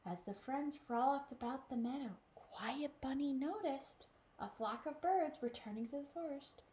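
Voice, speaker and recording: A woman who is a children's librarian, reading a picture book aloud in an animated way and asking questions of a child listener. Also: sits high, normal speed, slight background noise.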